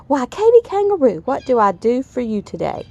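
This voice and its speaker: A woman's voice: fairly high pitch, sing-song, normal speed, warm tone, lo-fi sound, voice pushed up. A woman voicing a kindly mother crocodile in a storybook, flustered and eager. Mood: friendly.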